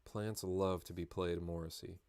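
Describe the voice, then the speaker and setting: A man's voice: low-pitched, level tone, normal speed, darkish tone, smooth. A man chatting casually and rambling with jokes while painting live on a stream. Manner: rambling, joking, self-interrupting.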